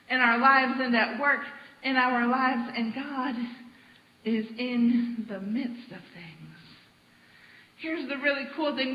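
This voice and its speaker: A woman pastor giving a sermon in a lively, conversational way. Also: sits high. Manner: animated, conversational preaching with acted quotes. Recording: echoey hall, dull sound.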